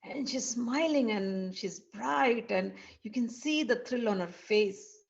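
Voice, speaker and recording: Animated woman telling a devotional story. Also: on the high side, takes it slowly, vocal fry. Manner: animated, acts out characters. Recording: dull lo-fi recording.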